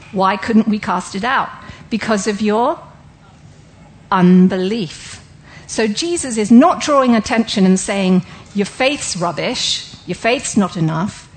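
A woman's voice: mid-range voice, poor audio. Woman teaching a Bible class. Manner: engages listeners with questions; explanatory, breaks ideas down step by step. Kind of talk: interactive sermon teaching.

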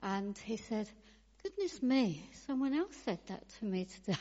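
A woman's voice: medium pitch, big pitch swings, moderate pace, dark tone. A woman who works as a foot health practitioner telling a church gathering about a conversation with a patient, hesitant and full of ums. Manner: hesitant, many ums, laughs at the end. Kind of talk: casual storytelling to a congregation. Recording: dull sound, long hall reverb.

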